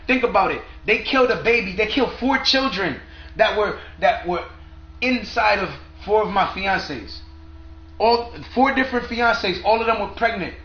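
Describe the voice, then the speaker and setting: A man talking straight to viewers in a rambling monologue, agitated and profane, in long run-on stretches. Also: high-pitched. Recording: echoey room, dull lo-fi sound.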